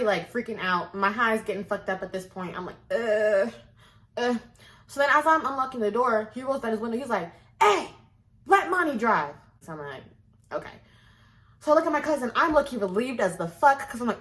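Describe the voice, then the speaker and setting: Woman, vlog storyteller; tense, bright tone, lively swinging pitch, cusses and acts out the quotes. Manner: animated, profane, acts out every quote. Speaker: vlogger.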